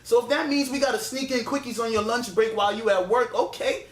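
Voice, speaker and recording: A man's voice: very high-pitched, a little fast, reverberant, rough recording. A man hosting a podcast, arguing his point insistently in a heated casual debate, repeating himself and talking over his co-host.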